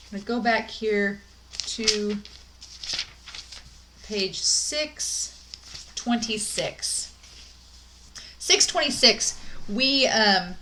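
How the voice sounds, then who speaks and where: A woman's voice: mid-range voice, bright, forceful tone, a little hiss or hum. A young woman giving a recorded college English lecture, chatty and upbeat with many "um"s and "like"s.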